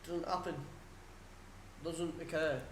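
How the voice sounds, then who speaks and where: A man's voice: fairly high pitch, steady tone, slow pace, echoey room, a little hiss or hum. A young man streaming a football watchalong, chatting casually, swearing and laughing as he reads out live scores. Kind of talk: live score commentary and chat.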